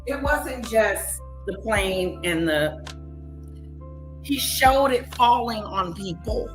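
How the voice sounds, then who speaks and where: A woman's voice: mid-range voice, lively intonation, slow pace, faint music behind, rough recording. A woman hosting a live stream, giving casual commentary and repeating her points for emphasis.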